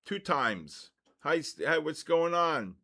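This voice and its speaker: An older man hosts a casual trading livestream, chatting loosely and breaking into excited shouts when the markets move. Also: a little high, takes it slowly.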